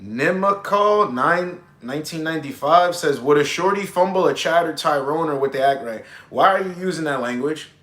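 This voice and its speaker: Here a young dating coach chats casually on his livestream, playing both roles in pickup scenarios and using blunt, slangy, swear-heavy language. He speaks at a moderate pace with hardly any pauses, in a slightly high, fairly bright voice that sounds reverberant.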